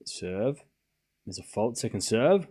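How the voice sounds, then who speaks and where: A man's voice: fairly low pitch, very animated, slow pace, warm tone, breathy edge. A young man casually commentating a tennis match on a live stream, chatting with his viewers, cracking jokes and drifting off on tangents between points.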